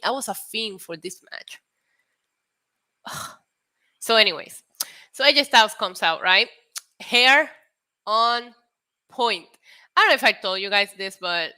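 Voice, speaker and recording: A young woman streamer chats casually on a live stream, telling stories in an excitable, animated way and swearing a lot. Her voice is mid-range.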